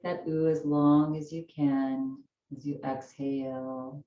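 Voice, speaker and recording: Slow, low-voiced woman guiding yoga. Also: little pitch movement, roomy sound, recorded from a distance, dull audio, faint music behind. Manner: soft, slow, soothing cues. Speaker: chair yoga instructor. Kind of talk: guided yoga class.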